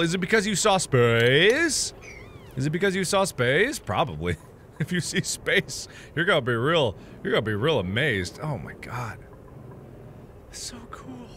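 A gaming channel host talks through a let's play as he plays, excitable and swinging from loud squeals to muttered asides. His voice is on the high side, and there's a little hiss or hum.

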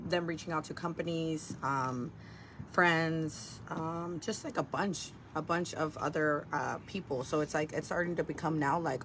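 A woman's voice: low-pitched, fairly even intonation, measured pace. Woman, casual livestream talk, filler-heavy, swearing, vehicle noise in background. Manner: meandering, heavy fillers and profanity.

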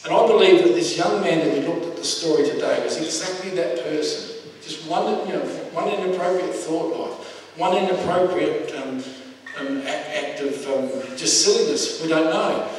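A man preaching a sermon in a relaxed, conversational way, repeating his phrases and pausing on fillers. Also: fairly high pitch, slight background noise. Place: church hall. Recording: echoey hall, voice from a distance.

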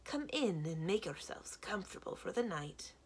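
A woman's voice: fairly low pitch, expressive, moderate pace, gravelly, fairly bright tone, a little hiss or hum. A woman voicing a friendly, homely female giantess who is overly pleasant with strangers and eager with friends, reading a children's book aloud. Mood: sugary.

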